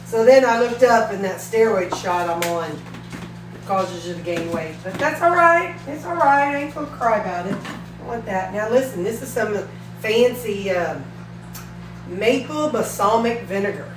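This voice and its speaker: A talkative woman chats casually while cooking at home. Her voice sits at a middle pitch and carries a roomy echo off the kitchen walls. Faint sizzling runs underneath. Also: normal speed, distant mic, noisy background. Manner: chatty, folksy, talks while cooking. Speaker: weight-loss vlogger.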